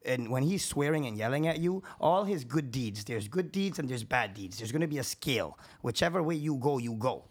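A man's voice: mid-range voice, expressive, fairly quick, hardly any pauses, husky. A man, a contractor and podcast guest, talking in casual chat with a profane, emphatic, preachy manner.

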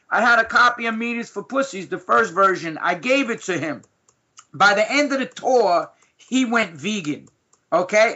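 A man with a New York accent telling a story in casual, profane, animated chat. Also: sits high. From New York City. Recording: dull lo-fi sound.

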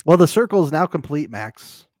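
A man's voice: fairly high pitch, big pitch swings, normal speed, a little mellow, no room sound, studio quality. A man co-hosting a casual podcast chat over a remote call, chatty and laughing often. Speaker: podcast co-host.

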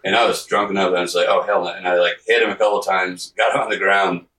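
Low-voiced man telling a wild story. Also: steady tone, fast talker, bright, forceful tone, roomy sound, recorded from a distance, slight background noise, rough recording. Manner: rambling, profane, laughs often, acts out quotes. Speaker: podcast guest. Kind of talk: casual storytelling.

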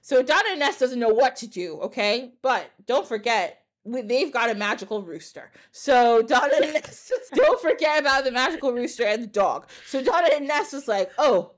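A woman with a somewhat high voice tells a story in a relaxed podcast chat. She retells it in an animated way and laughs often. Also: normal speed, few pauses. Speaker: podcast host.

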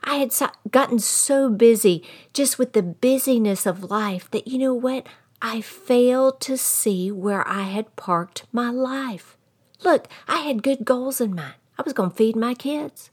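Woman, Texan accent, middle-aged, folksy and animated, podcast storyteller. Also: fairly high pitch, a little slow, slightly rough. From Texas. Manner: folksy, animated, talks straight to the listeners. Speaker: podcast host. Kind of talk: storytelling monologue.

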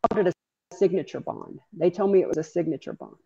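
A woman's voice: on the low side, fast, vocal fry, warm tone, husky. A woman's blunt, angry voice comes through dull, lo-fi audio. She is being interviewed as a grieving mother and recounts events with raw, profane frankness. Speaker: guest, mother of a victim.

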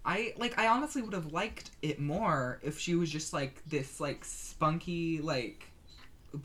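A young woman chatting casually about books, animated and laughing often, with many fillers. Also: sits low, a little slow. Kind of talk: casual book discussion chat.

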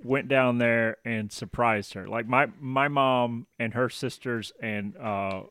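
A man's voice: medium pitch, steady tone, a bit bright, clean tone, dry recording. Easygoing man co-hosting a podcast. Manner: easygoing, halting, with fillers and restarts. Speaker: podcast co-host. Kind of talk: casual chat.

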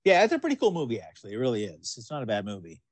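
A male podcast co-host in relaxed chat, keen and agreeable, his pitch swinging widely. He is recorded dry and close, with no room sound. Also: rapid-fire, no echo. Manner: enthusiastic, agreeable, frequent yeahs. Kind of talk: casual chat.

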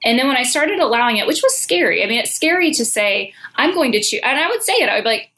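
Bright, chatty woman host. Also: on the high side, expressive, fast. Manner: chatty, frequent "like", laughs easily. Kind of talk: casual chat.

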